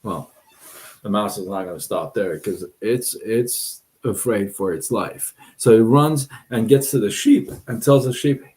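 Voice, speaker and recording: A man's voice: on the low side, a little slow, darkish tone. A man hosting a casual motivational talk, telling a fable, with fillers and "right?" asides. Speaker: host of a motivational live stream.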